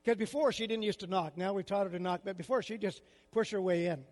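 A man's voice: sits high, fast, darkish tone, long reverb tail. An older man preaching a sermon as a pastor, with a conversational style full of rhetorical questions.

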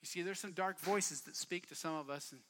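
Man preaching, bright ringing voice, fairly high pitch, repeats lines for emphasis, swings from soft to loud. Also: fairly quick, a little hiss or hum. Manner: builds from quiet talk to shouting bursts; casual, repeats phrases for emphasis. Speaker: youth pastor. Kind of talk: sermon. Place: camp meeting hall.

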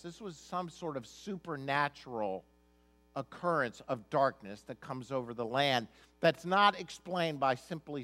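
Pastor guy preaching, reads the verses then talks them through, kinda high voice, punchy and chatty. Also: fairly bright tone. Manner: reads scripture then explains it in a conversational, emphatic way. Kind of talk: sermon.

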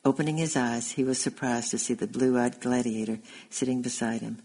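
Story narrator: male, gravelly and husky, steady reading on an even line. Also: medium pitch, normal speed, low-quality recording. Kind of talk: reading a historical story aloud.

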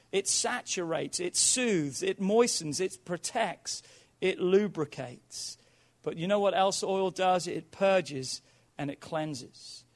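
A man's voice: high voice, a little mellow. A man preaching a sermon as a pastor, asking the congregation questions and stacking repeated phrases. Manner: preaching with rhetorical questions and repetition.

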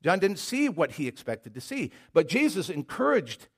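A middle-aged man preaching a sermon as pastor, telling stories in an animated way and repeating words as he builds his point. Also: high voice, normal speed, husky.

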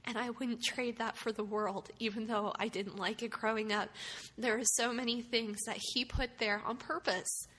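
A woman from the United States, a missionary speaker, giving an earnest, emotional personal testimony with soft laughs. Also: on the high side, fairly even intonation, normal speed. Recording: long hall reverb, faint ambience.

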